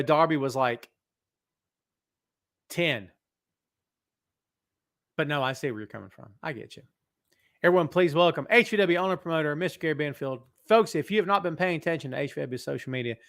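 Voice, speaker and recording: A man's voice: fairly high pitch, a bit bright. A man hosting a live wrestling talk show from his office on a podcast mic, joking around and reading viewer comments aloud. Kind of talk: live-stream chat with viewers. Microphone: podcast microphone setup.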